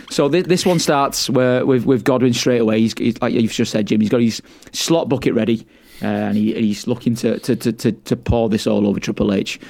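A man's voice: medium pitch, normal speed, vocal fry, a little mellow, no room sound. Chatty man recapping, dry close sound. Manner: chatty, laughs often, repeats words while recapping. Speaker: podcast co-host recapping wrestling. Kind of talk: casual chat, play-by-play recap.

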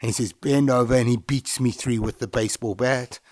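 A middle-aged man from Zimbabwe recounts memories for an interviewer in a relaxed, storytelling manner. His voice sits at an average pitch. The recording is dry and close. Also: a little fast, no room sound. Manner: relaxed, anecdotal, chuckles while recounting. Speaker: interview guest.

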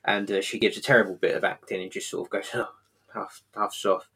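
A man with a fairly low voice talks through a television episode in a loose, rambling way. He stumbles and fills gaps with ums and uhs as he goes, keeping it casual. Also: flat delivery, creaky, pushed and bright, breathy edge. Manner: rambling, halting, lots of fillers.

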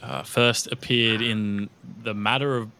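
A man's voice: lowish voice, fairly even intonation, measured pace, creaky, pushed and bright, clear, resonant tone. A man co-hosting a casual podcast chat, rambling and looking things up as he talks. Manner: rambling, looks things up aloud. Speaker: podcast co-host.

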